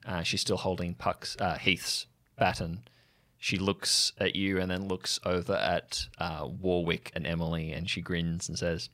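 A man narrating a tabletop game as game master, telling the action in a vivid, lively way. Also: deep voice, a little slow. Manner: vivid, lively storytelling with fillers.

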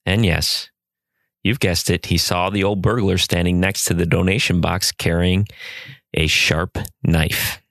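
A man hosting a podcast, telling a story and giving mindfulness advice in a gentle, reflective way. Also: deep voice, fairly even intonation, unhurried, dry recording, studio quality. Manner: gentle and reflective, with soft hesitations. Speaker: podcast host.

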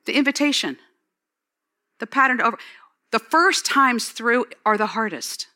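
A woman pastor giving an excited, exclamatory sermon, later leading the congregation in prayer. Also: fairly high pitch, moderate pace. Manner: ends in spoken prayer.

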